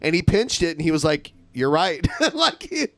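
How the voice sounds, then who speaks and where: A man co-hosting a livestream podcast, telling crude stories in an animated, joking way. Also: on the high side, moderate pace, vocal fry, no echo. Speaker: podcast co-host. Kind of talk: casual livestream banter.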